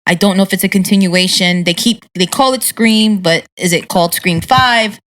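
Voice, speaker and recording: A woman's voice: medium pitch, moderate pace, fairly bright tone. A woman co-hosting a podcast, chatting casually and enthusiastically in repeated phrases. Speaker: podcast co-host. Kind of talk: casual chat.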